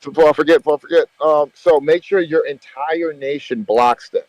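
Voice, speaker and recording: A man's voice: on the high side, fairly quick, darkish tone, no room sound, highs cut off. A man hosting a casual voice chat, talking emphatically and at length, repeating himself and swearing freely. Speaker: gaming channel host. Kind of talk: casual group voice chat about a mobile strategy game.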